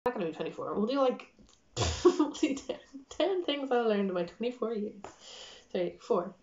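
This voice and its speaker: A woman's voice: fairly high pitch, moderate pace. Rambling young woman in a roomy room. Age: 20s. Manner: rambling, animated, lots of "like" fillers. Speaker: vlogger. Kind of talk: casual storytelling to camera. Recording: roomy, slightly dull home recording.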